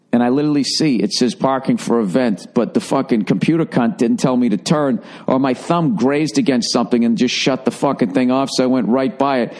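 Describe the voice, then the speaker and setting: A middle-aged comedian hosting his podcast speaks in a mid-range, slightly mellow voice. He tells a rambling, profane comic story and mocks himself along the way.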